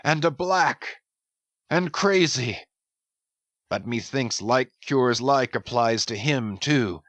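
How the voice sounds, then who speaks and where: A man's voice: medium pitch, lively intonation, slow, a bit bright, no room sound. A man playing a grim, obsessed old one-legged sea captain, speaking sternly in archaic words. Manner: solemn, stern, archaic speech. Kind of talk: dramatic audiobook reading.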